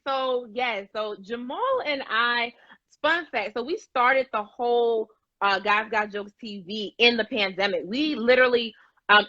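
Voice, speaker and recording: A woman appears as a guest on a live chat, speaking with enthusiasm and laughing as she goes. Her voice sits a little high and sounds somewhat bright, with no room sound. The conversation is a casual live interview, captured as dry, dull, lo-fi video call audio.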